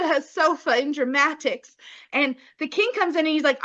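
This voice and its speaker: A woman's voice: high-pitched, measured pace, a bit bright, muffled recording. A woman co-hosting a podcast, casually retelling a story in playful slang and acting out the characters' lines. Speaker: podcast co-host.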